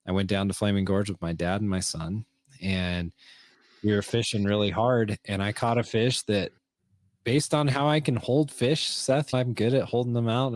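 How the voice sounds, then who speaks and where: Middle-aged male co-host, deep dry voice, relaxed storyteller. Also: no room sound. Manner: storytelling, easygoing. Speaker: podcast co-host. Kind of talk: casual conversation.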